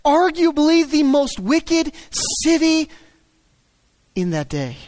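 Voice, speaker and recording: A man preaching a sermon, swinging between loud emphatic stresses and low quiet asides. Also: very animated, takes it slowly, no room sound. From United States. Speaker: pastor.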